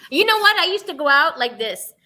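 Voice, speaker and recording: A woman's voice: high-pitched, sing-song, fairly quick, pushed and bright. A woman podcast host telling candid, profane stories about herself in casual chat. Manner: candid, profane confessional storytelling.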